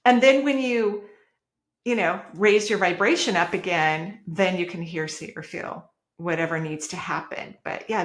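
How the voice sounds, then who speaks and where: A woman hosting a podcast, giving emphatic, animated spiritual advice and laughing easily. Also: lowish voice. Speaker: podcast host and intuitive. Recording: roomy echo.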